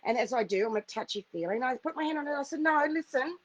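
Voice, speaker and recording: Earnest and emphatic, this middle-aged spiritual healer repeats points as she shares a personal story on her live stream. She speaks quickly in a high, expressive voice, with lo-fi sound and no room sound.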